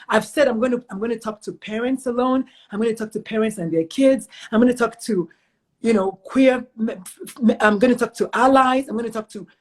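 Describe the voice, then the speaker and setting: A woman hosting an online interview show, speaking in an effusive, gushing and emphatic way over a video call. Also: on the high side. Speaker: talk show host.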